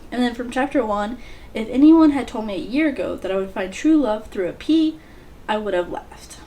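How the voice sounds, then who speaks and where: A woman's voice: a little high, animated, normal speed, warm tone. Chatty woman hosting a book vlog. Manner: chatty, reads passages aloud between light asides. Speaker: book vlogger, channel host. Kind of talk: casual book chat.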